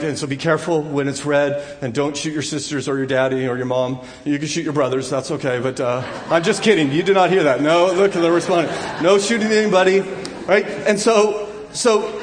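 A man in his thirties delivers a sermon in a bright, high voice, speaking casually with restarts and jokes. He swells into loud, emotional cries at key moments. The sound carries the echo of a large hall. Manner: conversational, frequent restarts and asides, rising to loud emotional cries. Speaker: pastor.

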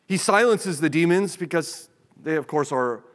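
Guy pastor giving a sermon, earnest, repeats himself a lot, kinda high voice. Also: expressive, moderate pace, fairly bright tone. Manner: earnest, repeats words, acts out small quoted scenes. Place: church sanctuary. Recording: long hall reverb.

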